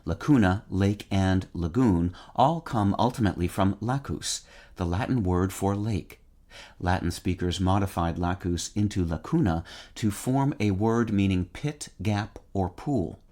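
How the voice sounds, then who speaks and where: Deep-voiced man reading a word of the day. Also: mellow. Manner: measured, precise, spells words letter by letter. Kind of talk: scripted dictionary podcast reading.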